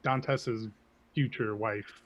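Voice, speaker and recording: A man co-hosting a casual live chat, relaxed and joking, stammering on repeated words. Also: on the low side, slow pace, lo-fi sound. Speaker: co-host. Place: Massachusetts.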